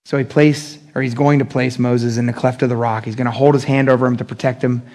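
Animated preacher man with a gravelly voice. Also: quick pace. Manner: animated, acting out quotes with big pitch jumps; playful, joking with the congregation. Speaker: pastor. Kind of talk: sermon.

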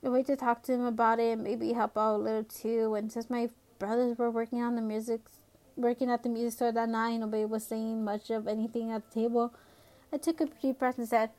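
Casual woman reader, a bit high, reads a novel with asides. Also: level tone, a little fast, a little mellow. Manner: casual, with spoken asides and restarts. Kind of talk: reading a novel aloud.

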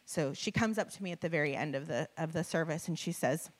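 A woman preacher recounts a personal story during a sermon to a live audience, with slides accompanying her. Her voice sits low and she moves at a quick pace, animated and conversational, often laughing and using fillers.

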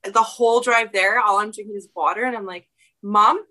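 A woman's voice: mid-range voice, fairly even intonation, fairly quick, bright, forceful tone. A woman, chatting as a podcast guest in a rambling way, often laughing. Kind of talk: casual conversation.

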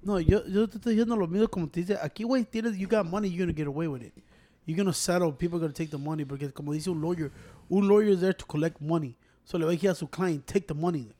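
A man, co-hosting a casual, profane debate, blunt and quick to cut in while mixing in Spanish. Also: sits high, mellow. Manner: blunt, code-switches, cuts in. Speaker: podcast co-host.

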